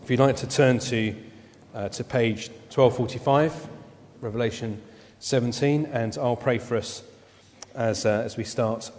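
A man delivers a sermon to his congregation in an easy, conversational way, often pausing with small fillers. His voice sits at an ordinary middle pitch. The church hall around him leaves a long, lingering reverb on every phrase. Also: darkish tone. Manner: conversational, halting with frequent fillers. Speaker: preacher.

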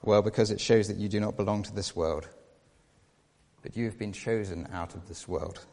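A man's voice: fairly low pitch, steady tone, normal speed, creaky. Earnest male preacher in an echoing hall. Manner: earnest, rhetorical questions, swings between hushed and emphatic. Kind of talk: sermon. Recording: long reverb of a large hall.

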